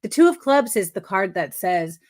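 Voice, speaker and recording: A woman's voice: mid-range voice, big pitch swings, normal speed, a little mellow. A woman giving live numerology card readings, effusive and giggly, often repeating affirmations. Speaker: numerology reader.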